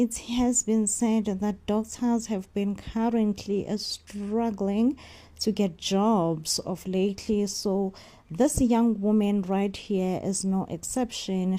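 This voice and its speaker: A woman's voice: medium pitch, mellow. A woman with a South African accent giving a casual spoken review of a soap opera, emphatic and repetitive, mixing in Zulu phrases. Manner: emphatic, repeats herself, mixes in Zulu phrases.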